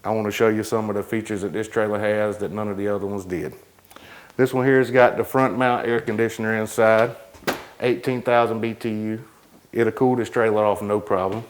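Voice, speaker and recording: A man's voice: fairly low pitch, steady tone, a little fast, a little hiss or hum. A man walking viewers around and inside a cargo trailer, listing its features in an easygoing, matter-of-fact way. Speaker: trailer salesman giving a product walkthrough. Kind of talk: casual product tour.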